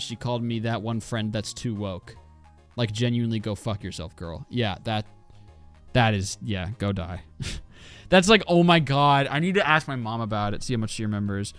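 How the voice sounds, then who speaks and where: A young man rattles off a story while playing a game on stream, his voice swooping up and down with lively energy and staying smooth and clear. He swears freely and leaps into high mimicking voices, with faint music playing underneath. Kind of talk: casual live-stream storytelling while gaming. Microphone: desk mic.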